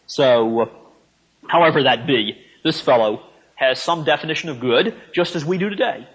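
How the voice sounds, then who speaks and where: A man teaching a Bible lesson in a measured, thinking-aloud way, pausing often to gather his words. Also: medium pitch, a bit bright. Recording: dull lo-fi recording.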